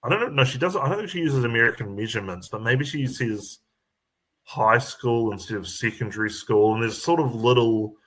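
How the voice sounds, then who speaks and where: A man's voice: medium pitch, fairly quick, a bit bright, slightly rough. A man with a New Zealand accent chatting as a comedy guest, rambling, with lots of ums and restarts. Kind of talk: casual chat.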